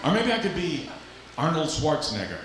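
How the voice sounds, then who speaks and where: A man from Louisiana doing live stand-up comedy on a club stage, with a punchy, animated delivery and vocal sound effects. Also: a little high, brisk, heavy background noise. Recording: echoey live club recording. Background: audience laughter.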